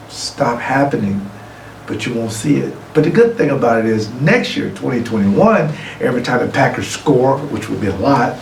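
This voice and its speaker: A middle-aged man giving an award acceptance speech, telling a lively anecdote. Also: medium pitch, vocal fry, a little hiss or hum. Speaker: award recipient and guest speaker. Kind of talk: storytelling speech. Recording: echoey room from far off, faint ambience.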